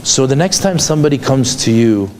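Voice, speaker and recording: A man's voice: medium pitch, animated, fairly quick, a little mellow, a little hiss or hum. A man giving a conversational lecture to a class, asking many rhetorical questions. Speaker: psychologist teaching a class.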